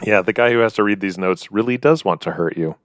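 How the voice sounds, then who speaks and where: A man's voice: fairly low pitch, fast talker, no echo, studio quality. A man co-hosting a podcast, chatting casually and wryly reading out a list of listener names. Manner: wry, reads out a long list of names. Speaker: podcast co-host. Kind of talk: casual chat.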